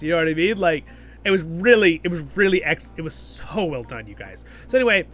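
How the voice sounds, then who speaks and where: A man's voice: on the high side, animated, fairly quick, pushed and bright, faint music behind. A man hosting a casual episode review, enthusiastic and rambling, often checking in with the viewer. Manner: enthusiastic, rambling, keeps asking "right?". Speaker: host of a fan review channel.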